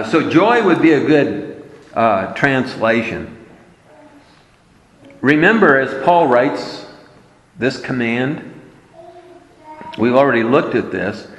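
A man's voice: mid-range voice, reverberant, long reverb tail, poor audio. A man preaching a sermon, emphatic and repeating his key words for weight.

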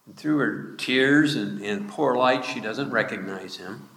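A man preaching a sermon, slowly retelling a scripture passage. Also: mid-range voice, creaky, fairly bright tone. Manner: slow, measured retelling of scripture with quoted speech. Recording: echoey hall with long reverb.

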